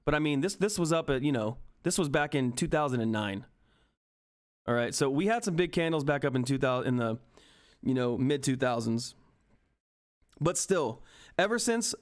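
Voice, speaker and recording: A young man commentating live on a stock chart, excited and frantic, often repeating himself. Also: mid-range voice, clear, resonant tone. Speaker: stock market streamer.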